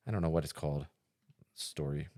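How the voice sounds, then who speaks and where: Low-voiced man rambling through a podcast chat. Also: fairly quick, warm tone. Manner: rambling, storytelling with many fillers and restarts. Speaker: podcast co-host.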